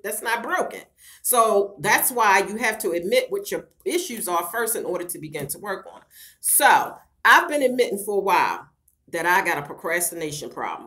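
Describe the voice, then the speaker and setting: A middle-aged woman vlogs to camera in a casual chat, speaking frankly and profanely to her viewers, whom she calls "girl." Her mid-range voice has a sharp tone. She laughs and swears a lot.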